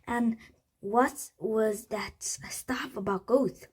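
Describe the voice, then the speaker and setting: A woman voicing a cautious, thoughtful young boy in a storybook, speaking hesitantly and slowly. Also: on the high side, a little mellow, husky.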